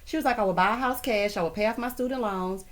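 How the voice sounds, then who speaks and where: A woman's voice: medium pitch, quick pace. A woman recapping a TV episode in a sassy, chatty way, laughing often and talking straight to her viewers. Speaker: TV recap host.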